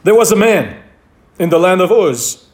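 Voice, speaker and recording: A man preaches with a fairly high voice, leaning on key words and repeating them for emphasis. His delivery is measured and deliberate, the cadence of a pastor walking his congregation through a point step by step. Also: very animated. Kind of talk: sermon.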